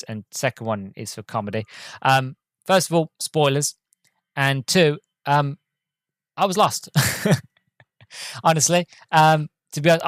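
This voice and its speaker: A podcast host talks through a video game review in a loose, chatty way. His voice is mid-pitched and the recording is close and dry, with no room sound around him. He rambles eagerly, restarting sentences and filling gaps with ums. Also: no room sound. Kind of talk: casual solo game review.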